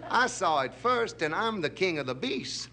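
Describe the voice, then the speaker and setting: A man's voice: mid-range voice, expressive, fast talker, noisy background, close to an everyday voice. A man voicing a boastful male lion, king of the beasts, in a drawling, cocky way.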